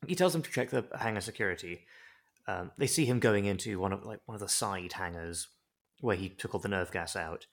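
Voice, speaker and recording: A man co-hosting a comedy podcast, recapping a show in a wry, deadpan way. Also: fairly low pitch, fairly quick. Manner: wry, deadpan, chatty with digressions. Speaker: podcast co-host.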